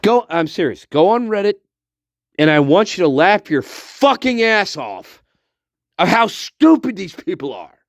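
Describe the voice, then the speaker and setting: A man with a high voice rants angrily. He swears and mocks as he goes. His delivery is slow and deliberate, and pitch swings widely, with bursts of shouting, heard dry and close. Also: big pitch swings, vocal fry, no echo. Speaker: online commentator. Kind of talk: ranting commentary.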